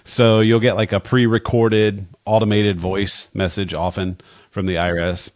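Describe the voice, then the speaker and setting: A man with a lowish voice talks through everyday money risks in a plainspoken, wry way. He drops in casual asides. The sound is close and dry, with no room around it. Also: level tone, moderate pace, dry recording. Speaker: financial advisor, podcast guest expert. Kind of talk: casual conversational advice.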